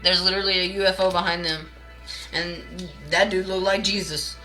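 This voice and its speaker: A woman's voice: lowish voice, little pitch movement, normal speed, bright, forceful tone, faint music behind, rough recording. A woman reading tarot on a late-night live stream from her home, blunt, ranting and swearing, calling her viewers baby and y'all. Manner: blunt and heavily profane, ranting; calls viewers baby and y'all, greets chat by name.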